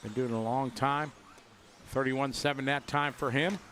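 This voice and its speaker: A man's voice: medium pitch, normal speed, slight background noise. Chatty man commentating an RC race. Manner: chatty, jokey, excitable asides.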